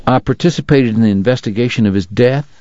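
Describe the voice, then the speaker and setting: A man's voice: medium pitch, fast talker, warm tone, no echo, highs cut off, natural voice. A man voicing a formal, long-winded Southern dentist and gambler with a drawl, in a read-aloud story.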